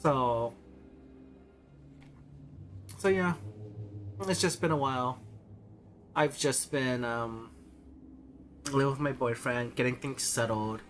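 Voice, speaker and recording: A man streaming a video game, chatting casually and rambling, often halting to repeat his words. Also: mid-range voice, a bit bright. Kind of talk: casual gaming stream chat.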